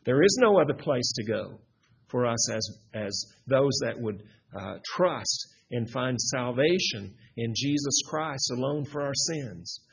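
A man preaching an expository Bible teaching, earnest and halting, with frequent restarts. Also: medium pitch, lively intonation, gravelly, husky. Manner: earnest, many restarts and fillers. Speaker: pastor. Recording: dull lo-fi recording.

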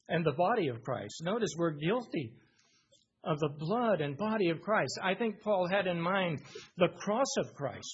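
A man with a husky, slightly high voice delivers a sermon, reading verses and then unpacking them line by line. He leans on repeated phrases for emphasis. The recording sounds dull and lo-fi. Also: sing-song, normal speed. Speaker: preacher. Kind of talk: sermon reading and expounding Scripture.

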